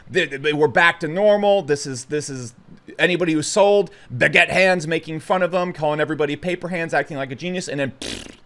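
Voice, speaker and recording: A young man talking bluntly and excitably to camera about the markets, stumbling over his words. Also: on the high side. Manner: blunt, brash and excitable, with stutters and restarts. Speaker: crypto commentator. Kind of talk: casual opinionated talk to camera.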